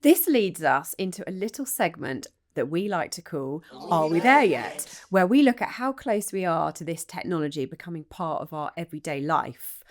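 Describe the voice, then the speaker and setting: A woman's voice: lowish voice, sing-song, moderate pace, hardly any pauses. A woman hosting a motoring podcast who sets scenes like a storyteller and laughs easily between questions. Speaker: podcast host, racing driver and motoring presenter. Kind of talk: podcast interview.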